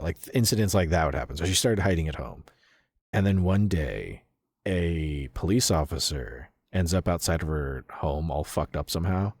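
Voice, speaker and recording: Streamer guy w a super low husky voice, rambly casual chat, dead dry mic. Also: dry recording. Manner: rambling, lots of "like" fillers, swears casually. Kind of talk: casual chat retelling a story.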